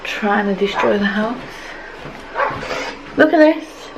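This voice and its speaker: Slow, gravelly-voiced woman vlogging. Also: medium pitch, highs cut off, noisy background. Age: 20s. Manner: chatty, rambling, self-mocking. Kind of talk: casual vlog chat to camera. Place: at home indoors.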